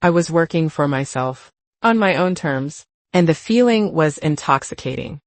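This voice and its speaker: An older woman narrating a first-person story in a measured, reflective way. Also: low-pitched, animated, no echo.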